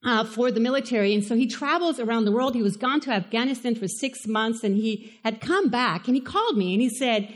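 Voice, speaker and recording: A woman with a Spanish accent preaches in a high, bright-toned voice. Her delivery is conversational and animated, and she keeps turning questions back to the congregation. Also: a little fast, few pauses. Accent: Spanish-accented English. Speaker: pastor. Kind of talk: sermon.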